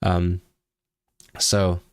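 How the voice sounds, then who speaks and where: Low-voiced man rambling on a livestream. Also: completely flat delivery, drawn-out words, clear, resonant tone, no room sound, studio quality. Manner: rambling, self-interrupting with repeated words. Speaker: language-learning streamer. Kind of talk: casual livestream chat.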